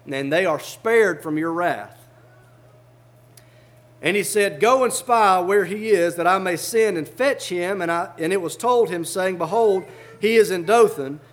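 A man preaching a sermon, fervently reading old scripture aloud and explaining it in plain everyday words. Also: sits high.

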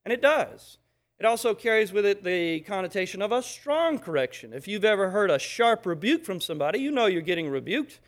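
High-voiced man preaching a sermon. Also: a little fast. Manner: emphatic, animated preaching with acted-out asides.

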